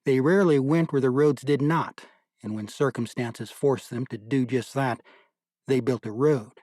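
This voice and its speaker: A man giving measured, scripted audiobook narration. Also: mid-range voice, darkish tone, no room sound, clean studio sound.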